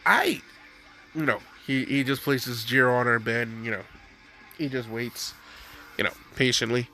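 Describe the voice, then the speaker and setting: A man's voice: mid-range voice, moderate pace, pushed and bright, faint music behind. A young man improvising a fan story, rambling with lots of fillers. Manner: rambling, full of "you know" and "like".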